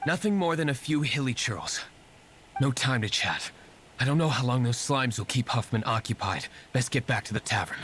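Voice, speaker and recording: A man's voice: medium pitch, lively intonation, moderate pace, a bit bright, slight background noise, lightly acted. An actor playing a brooding young male tavern owner in a video game, speaking curtly with dry sarcasm.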